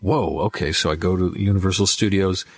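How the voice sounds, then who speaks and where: Brief: low-pitched man, voice actor guest, lively storyteller, dry close mic. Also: brisk, slightly rough, no room sound. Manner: animated anecdotes with acted-out quotes. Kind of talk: casual interview storytelling.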